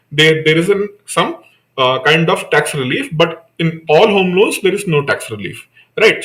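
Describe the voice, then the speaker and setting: Guy teaching online class, slightly high voice, keeps repeating stuff and asking "what?" then answering. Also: fairly bright tone. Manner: repetitive, rhetorical questions answered himself; addresses students by name. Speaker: online exam-prep teacher. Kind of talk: live online lecture.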